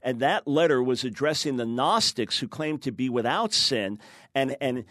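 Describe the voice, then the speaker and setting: A man's voice: mid-range voice, a bit bright, no echo, studio quality. A man, a guest author, teaching with emphasis in an interview and acting out quoted voices. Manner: emphatic, fast explaining, acts out quoted voices.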